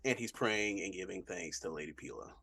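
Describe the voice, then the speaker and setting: A man with a fairly low voice narrates his character in an online tabletop game. He talks with hesitations and laughs often. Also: fairly quick, vocal fry, sharp tone, slightly rough. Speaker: player. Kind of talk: playing a tabletop game over a call.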